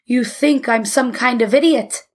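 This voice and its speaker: A woman's voice: a little high, measured pace. A woman voicing a large, stern rabbi in a storybook reading, ironic and scolding. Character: large stern middle-aged male rabbi.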